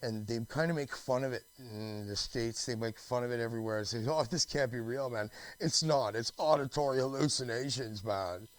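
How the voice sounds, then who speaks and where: A man's voice: medium pitch, a little fast, few pauses, no echo, poor audio. A man from Canada talking in a rambling, restless monologue, full of restarts, fillers and swearing. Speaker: vlogger.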